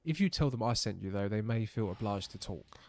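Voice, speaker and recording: A man voicing a weary older resistance leader in a game, reading in a solemn, measured way. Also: on the low side, expressive, a little mellow. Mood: grave.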